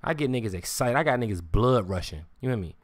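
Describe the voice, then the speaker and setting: In a quick, mid-range voice with lively intonation, a man rants on his live stream, profane and combative, repeating himself and insistently asking listeners whether they hear him.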